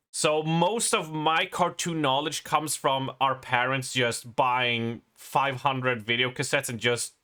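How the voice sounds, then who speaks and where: A man's voice: mid-range voice, sharp tone. A man, chatting casually and rambling on a live stream, laughing and swearing as he goes. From Sweden.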